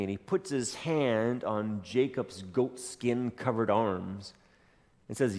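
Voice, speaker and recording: A man's voice: medium pitch, takes it slowly, darkish tone. A man preaching a sermon as a pastor, telling a story in a conversational way with dry jokes. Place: church sanctuary. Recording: long hall reverb.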